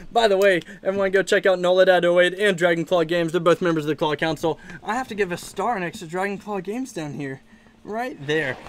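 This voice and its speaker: A man hosting a casual live stream from a room at home, chatting upbeat with his viewers and thanking them. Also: sits high. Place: home room with plush pile.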